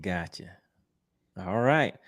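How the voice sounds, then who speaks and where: A man's voice: low voice, animated, slow. A man hosting a livestream, reading viewer comments aloud in an easygoing, teasing way and laughing often. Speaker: livestream host.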